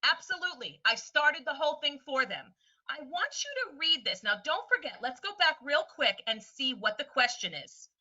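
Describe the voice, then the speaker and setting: A woman teacher presenting a webinar lesson in a lively way, often slipping into quick voices for students and friends. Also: sits high. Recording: distant, dull lo-fi sound.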